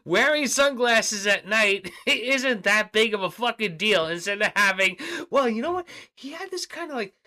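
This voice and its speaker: Profane, animated male co-host with a bright, lively voice. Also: sits high, moderate pace, hardly any pauses. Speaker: podcast co-host. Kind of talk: casual chat.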